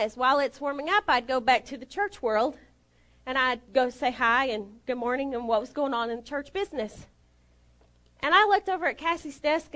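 A middle-aged woman giving a storytelling sermon, animated and self-deprecating, acting out the dialogue. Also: high voice. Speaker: lay preacher.

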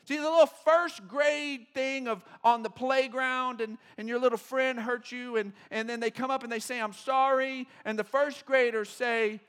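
A male pastor preaching a sermon in a church, acting out quoted voices and swinging between loud emphasis and hushed asides. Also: very high voice, fairly even intonation, moderate pace, few pauses, smooth. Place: church sanctuary.

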